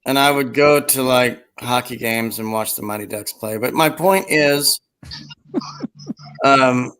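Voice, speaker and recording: A man's voice: medium pitch, a little slow, a bit bright, clear, resonant tone, rough recording. Rambling man in casual chat. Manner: rambling, laughs at own stories.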